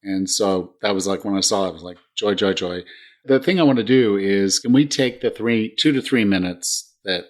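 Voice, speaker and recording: A man's voice: fairly low pitch, a little fast, hardly any pauses. A man in his forties hosting a fitness podcast, chatting in a casual, upbeat way with frequent restarts. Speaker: podcast host, fitness coach. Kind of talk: casual interview chat.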